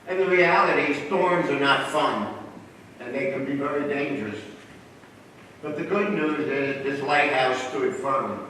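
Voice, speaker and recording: A man, a church elder, preaching a sermon in a folksy, gently humorous way, sharing stories. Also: medium pitch, slight background noise. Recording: roomy church hall, distant mic.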